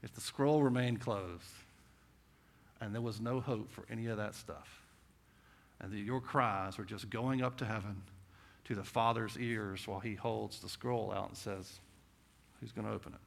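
A man with a Southern US accent preaching a conversational sermon, asking rhetorical questions and swinging between intense and hushed delivery. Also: on the low side, fairly even intonation, unhurried, vocal fry. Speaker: pastor.

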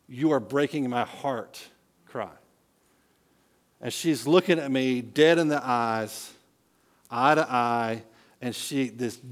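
A man in his thirties, a pastor, delivering a conversational sermon with personal stories and frequent check-ins with the congregation. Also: on the high side. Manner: conversational storytelling, frequent "okay?" and "right?".

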